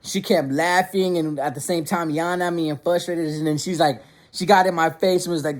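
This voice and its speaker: A man's voice: on the high side, moderate pace, darkish tone. A young man telling a funny personal story in casual slang, repeating words and restarting sentences as he goes.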